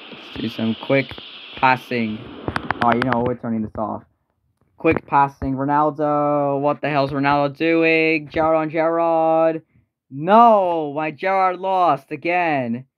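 A young man with a fairly high voice narrates his own football video game match live. He groans, exclaims and swears at his players, his commentary rising and sinking with every chance. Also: lo-fi sound. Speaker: gameplay streamer.

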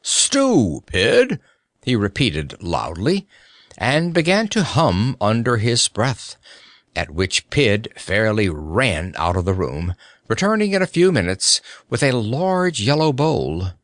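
A man narrating a children's fantasy story at an unhurried pace, his voice rising and falling widely. The recording is close and dry, with no room sound. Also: fairly low pitch, dry recording. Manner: expressive, deliberate reading. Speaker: audiobook narrator.

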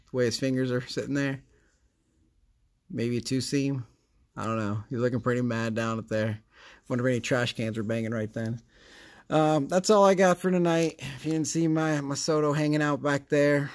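A man hosting a casual card-opening vlog, chatty and rambling, with a sarcastic streak. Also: medium pitch. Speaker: card collecting channel host.

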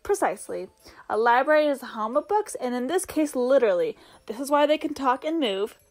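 A prim, knowing girl with golden eyes in a game teases a lost visitor, as a woman reads her aloud. Her high voice stays light and polite, and faint game music plays behind. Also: lively intonation, brisk, darkish tone.

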